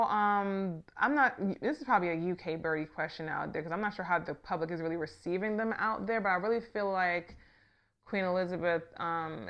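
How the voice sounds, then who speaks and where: A woman hosting her channel and doing a casual tarot reading to camera, talking in a chatty, sassy way that swings from quiet murmurs to loud, emphatic bursts. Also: medium pitch, lo-fi sound. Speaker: tarot reader and channel host.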